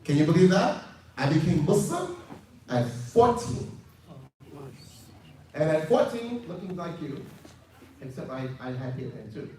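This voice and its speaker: A man from the United States, giving an animated youth lecture that acts out dialogue and builds to shouted emphasis. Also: a little high, unhurried, pauses often. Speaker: preacher. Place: large hall with audience. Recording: distant, echoey hall with faint noise.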